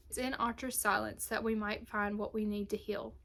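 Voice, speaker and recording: A woman's voice: medium pitch, level tone, normal speed, a bit bright, slight background noise. A young woman, chatting to camera about books she loved, gushing and emotional, dropping to a whisper at times. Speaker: booktube vlogger. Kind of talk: casual book review chat.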